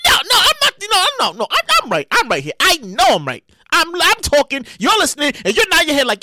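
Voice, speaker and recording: Wildly animated, bright-voiced male podcaster. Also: extremely high pitch, quick pace, dry recording. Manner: animated and profane, with sudden loud outbursts; addresses listeners directly. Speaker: podcast host. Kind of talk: casual solo podcast commentary.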